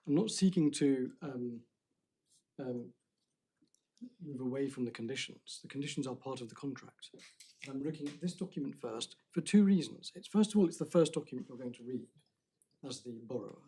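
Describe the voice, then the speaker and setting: Before a panel of judges, a man argues an appeal in formal, measured, deliberate speech, frequently restarting his phrases. His voice is medium in pitch with a dark tone.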